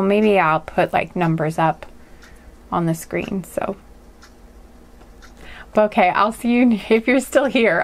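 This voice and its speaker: A woman's voice: medium pitch, vocal fry. A woman giving a casual pick-a-card tarot reading, rambling and hesitant, with many fillers and frequent laughs. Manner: rambling and hesitant, full of likes and ums, laughs often.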